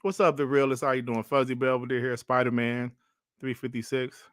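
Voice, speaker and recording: A man hosting a gaming podcast, ranting in an exasperated, animated way on a livestream, repeating himself and sighing between phrases. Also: mid-range voice, a little fast, smooth, dry recording, clean studio sound. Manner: sighs and coughs between phrases. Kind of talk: livestream commentary and rant.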